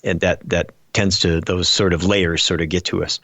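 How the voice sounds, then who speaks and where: A man's voice: low-pitched, little pitch movement, moderate pace, a bit bright, no room sound. A man chatting casually on a podcast, rambling through stories with many fillers and restarts. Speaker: podcast guest. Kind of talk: casual chat.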